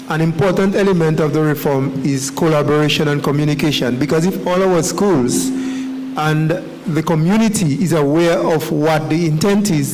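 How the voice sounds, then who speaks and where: A man speaking as an official at a press briefing, his tone formal and measured. His voice sits a little higher than most men's. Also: darkish tone, poor audio. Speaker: education official.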